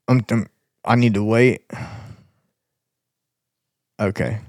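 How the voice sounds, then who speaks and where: A man's voice: on the low side, steady tone, slow pace, a little mellow, dry recording. A man co-hosting a podcast in casual chat, laid-back and a little crude. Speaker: podcast co-host.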